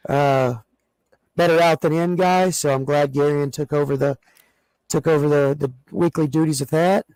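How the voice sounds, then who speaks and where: A man co-hosting a casual podcast chat, telling stories in an excitable, rambling way with many restarts. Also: a little high, normal speed, dry recording, poor audio. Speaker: co-host.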